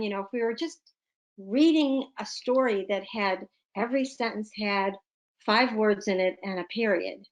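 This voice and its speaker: A woman teaching a punctuation lesson, explaining patiently with playful emphasis. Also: mid-range voice. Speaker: literacy teacher. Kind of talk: classroom lesson.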